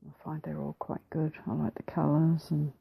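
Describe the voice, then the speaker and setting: A woman with a New Zealand accent narrating her craft process over a time-lapse, soft-spoken and relaxed, often slipping into a whisper, a little self-deprecating. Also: sits low, normal speed, vocal fry, breathy edge, dry recording, lo-fi sound. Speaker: mixed media artist.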